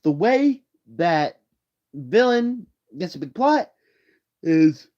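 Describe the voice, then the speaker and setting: A man's voice: high-pitched, very animated, slow pace, a little mellow, lo-fi sound. A man casually chatting on a live stream at home, ranking movies in a tired, rambling way with yawns. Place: home room. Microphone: phone.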